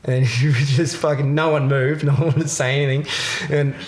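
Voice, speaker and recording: A man's voice: medium pitch, flat delivery, fairly quick, a little mellow, slight background noise. Australian man, casual storyteller, loose rambling delivery, roomy echo. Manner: laughs through his stories, loose and rambling. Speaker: guest. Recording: echoey room.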